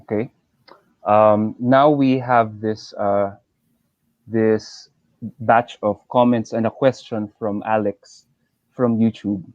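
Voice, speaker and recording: A man moderating a session, reading audience questions aloud at a measured pace. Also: on the low side, fairly even intonation, darkish tone, dry recording. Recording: dry, dull lo-fi call audio.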